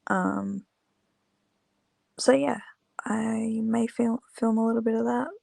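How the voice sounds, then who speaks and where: A tired, yawning woman chats casually to camera with a slow, unhurried delivery full of fillers. Her voice has a gravelly, creaky edge. The sound is close and dry, with no room around it. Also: fairly high pitch, fairly even intonation, a little mellow, no room sound. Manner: rambling, many fillers, unhurried. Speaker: small-business candle maker vlogger.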